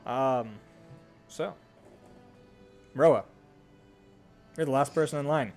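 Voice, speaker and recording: A man narrating a tabletop game as game master, talking in a relaxed, casual way. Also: mid-range voice, takes it slowly, faint music behind. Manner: relaxed, casual, many fillers.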